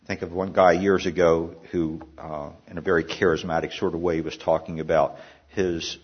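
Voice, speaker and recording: A man's voice: sits low, flat delivery, moderate pace, slightly rough, dull audio. A man preaching a sermon in a conversational way, asking the congregation questions and restarting phrases as he goes. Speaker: pastor.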